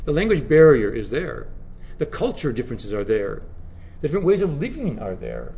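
A man preaching a sermon, with dramatic emphasis that drops to low, hushed phrases. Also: wildly swooping pitch, normal speed, gravelly, a little hiss or hum.

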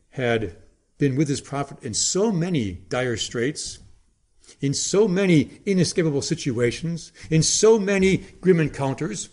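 A man preaching a sermon in a dramatic way, with emphatic pauses and sudden drops to a hush. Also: mid-range voice.

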